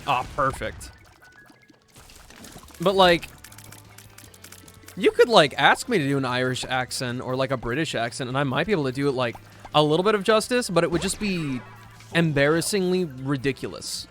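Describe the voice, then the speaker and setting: A man's voice: fairly high pitch, lively intonation, normal speed, long pauses, fairly bright tone. Laid-back young man streaming with music. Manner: laid-back, chatty, reads chat aloud. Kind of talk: casual livestream chat while gaming.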